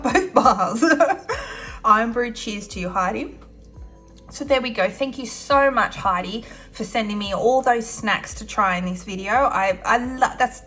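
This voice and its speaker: A woman's voice: fairly high pitch, a bit bright. An Australian woman vlogging casually to camera, chatty and effusive, giggling and talking while she eats snacks. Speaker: budgeting vlogger.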